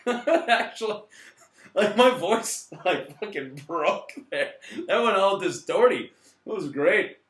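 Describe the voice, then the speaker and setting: A man in his late twenties co-hosting a casual movie review, rambling, joking and swearing, tipsy, now and then breaking into loud shouts. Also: sits high, expressive, takes it slowly. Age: late 20s. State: tipsy from tequila and beer. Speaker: co-host of a movie review channel. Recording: echoey room sound.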